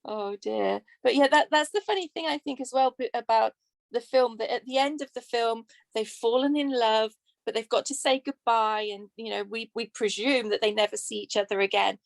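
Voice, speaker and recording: A woman's voice: on the high side, fairly even intonation, normal speed, creaky, no echo. A woman author with an English accent, chatting casually on a podcast and laughing often. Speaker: author guest.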